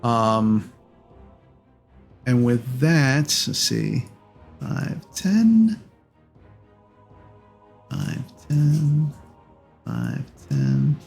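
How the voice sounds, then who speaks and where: A man running a tabletop game as game master, narrating in an unhurried, rambling way with many ums and self-corrections. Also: mid-range voice, big pitch swings, creaky, a little mellow, slightly rough, faint music behind.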